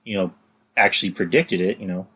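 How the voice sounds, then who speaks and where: Husky low voiced guy hosting a podcast, kinda stumbly, lots of you knows. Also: a bit bright. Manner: halting, stumbling starts, many "you know". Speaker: podcast host. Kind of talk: casual conversation.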